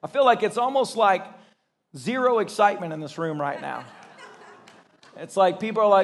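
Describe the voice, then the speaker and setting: A pastor with a high-pitched male voice preaches to his congregation. He talks with excitable energy and rises into loud, shouted bursts when he gets caught up in a story. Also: moderate pace, pauses often, a little hiss or hum. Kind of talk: sermon. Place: church service.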